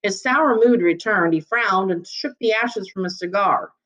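A woman narrating a chapter of a novel in steady storytelling fashion. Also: mid-range voice, unhurried. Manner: steady storytelling with character voices. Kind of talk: audiobook reading.

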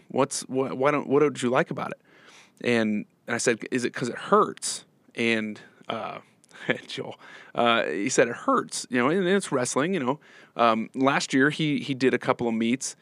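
Podcast host, man, slightly hoarse, halting and repetitive, average pitch, dead-dry recording. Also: fairly bright tone, no echo. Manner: halting, repeats words and restarts. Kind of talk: casual live podcast monologue.

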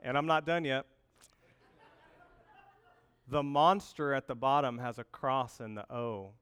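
Joking, animated preacher with a smooth voice. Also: male voice, mid-range voice, measured pace. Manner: lively, joking storyteller. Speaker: pastor. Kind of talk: sermon.

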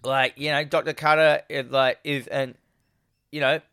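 A man's voice: mid-range voice, little pitch movement, moderate pace, pushed and bright, clear, resonant tone, no echo, clean studio sound. A man co-hosting a podcast, casually recapping a film scene by scene and rambling as he goes. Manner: rambling, quotes scenes in put-on voices. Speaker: podcast co-host.

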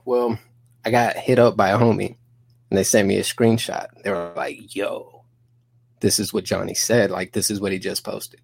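Profane, animated man in his thirties. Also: fairly low pitch, moderate pace, creaky, husky. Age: 30s. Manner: animated, profane, retells arguments in quoted dialogue. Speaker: podcast guest. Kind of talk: casual podcast storytelling.

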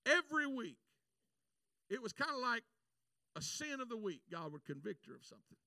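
A bright, high-pitched preacher with a gravelly edge to his voice, delivering a lively sermon. He tells a personal story and breaks into shouted prayers. The voice sounds dry and set back from the mic. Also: normal speed, no echo, recorded from a distance. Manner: animated, shouts acted prayers.

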